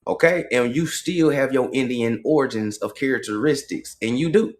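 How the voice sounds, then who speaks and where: A man's voice: mid-range voice, moderate pace. A man hosting a casual livestream, reading passages aloud and commenting on them in streetwise slang, with profanity and points repeated for emphasis. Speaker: livestream host.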